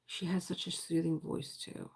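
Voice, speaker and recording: Chatty woman with a gravelly voice. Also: fairly low pitch, level tone, normal speed, darkish tone. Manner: chatty, rambling, often trails off and searches for words. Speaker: diamond painting livestream host. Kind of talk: casual live-stream chat.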